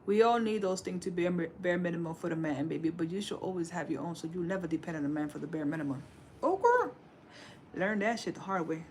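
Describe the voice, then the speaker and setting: A woman's voice: on the low side, fast, hardly any pauses, a little mellow, a little hiss or hum. A woman in her forties hosting a livestream, giving sassy, preachy relationship advice to her viewers in a casual chat. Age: 40s. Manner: sassy, preachy, calls everyone baby. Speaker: livestream host.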